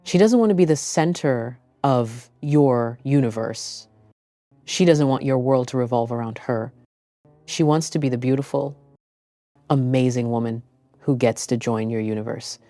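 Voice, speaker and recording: Woman narrator, very deep voice, dark tone, dry close sound, deliberate emphatic delivery. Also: no echo. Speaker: relationship advice narrator. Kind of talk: scripted motivational narration.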